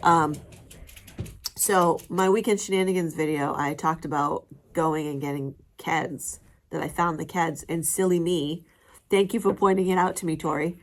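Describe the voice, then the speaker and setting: A woman's voice: deep voice, moderate pace. A middle-aged woman chatting casually to camera as a vlogger, rambling with fillers and laughing often.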